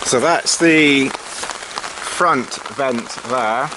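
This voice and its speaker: Faint rain can be heard on the tent as a male gear reviewer walks through it casually from the inside. His pitch is medium and he draws his words out, hesitating and tossing in dry sarcasm.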